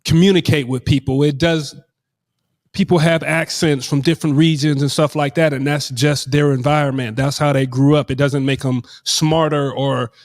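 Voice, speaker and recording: A man co-hosting a podcast in casual discussion, talking earnestly and emphatically with halting restarts and fillers. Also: fairly high pitch, steady tone. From US West Coast. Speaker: podcast co-host.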